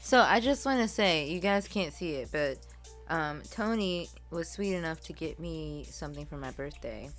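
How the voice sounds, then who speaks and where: A woman comedian with a fairly low voice chats on a podcast. She teases and jokes bluntly, in a playful way. Faint music plays under the talk. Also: lively intonation, moderate pace. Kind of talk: casual chat.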